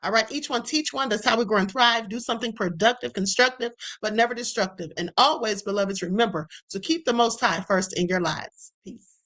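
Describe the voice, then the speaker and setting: A woman with a high, bright voice hosts a casual live stream. She chats with amusement and calls her viewers beloved and honey. Her delivery is loose and conversational. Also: brisk, low-quality recording.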